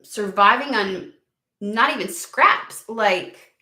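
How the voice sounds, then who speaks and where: In an echoey room, a woman's slow, sharp-toned voice of medium pitch delivers a casual tarot reading. She rants bluntly and profanely, clearly exasperated.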